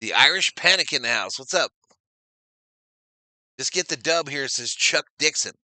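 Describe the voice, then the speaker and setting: Bright, energetic male play-by-play streamer. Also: fairly high pitch, normal speed, no room sound. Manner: energetic, reads viewer chat aloud. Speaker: live stream sports commentator. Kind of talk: live play-by-play commentary.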